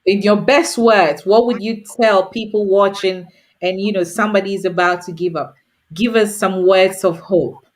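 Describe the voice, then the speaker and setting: A woman's voice: mid-range voice, steady tone, normal speed. Enthusiastic woman host. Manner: enthusiastic, encouraging. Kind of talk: casual video-call interview.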